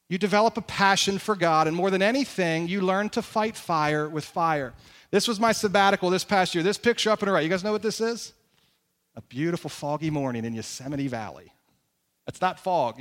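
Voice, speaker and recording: High-voiced male pastor in an echoing hall. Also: fairly bright tone. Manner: conversational, emphatic repetitions, rhetorical questions. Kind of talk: sermon. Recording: long hall reverb.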